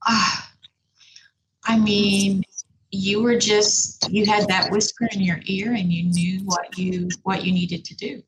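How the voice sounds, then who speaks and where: A woman hosting a podcast interview, responding in a reflective, slow way with hesitant fillers. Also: mid-range voice, fairly even intonation. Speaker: podcast host. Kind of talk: interview conversation. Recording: audible background noise.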